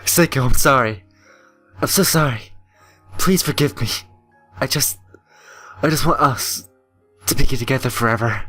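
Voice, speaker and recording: A man's voice: medium pitch, measured pace, fairly bright tone, faint music behind, voice pushed up. A man voicing a tearful teenage girl in a game, pleading in a raised, emotional voice.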